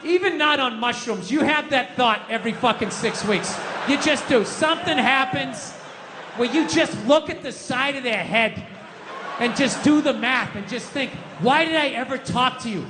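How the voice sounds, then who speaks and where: High-voiced male comic telling a profane story. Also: moderate pace. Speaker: stand-up comedian. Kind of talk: stand-up routine. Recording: live venue reverb with background noise.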